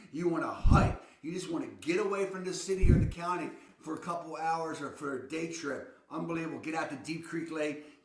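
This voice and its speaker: Hyped Baltimore-accented man, echoey room. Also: a little high. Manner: hyped, salesy, repeats rhetorical questions. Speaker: relocation guide host. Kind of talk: promotional vlog monologue. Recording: echoey room with loud background noise.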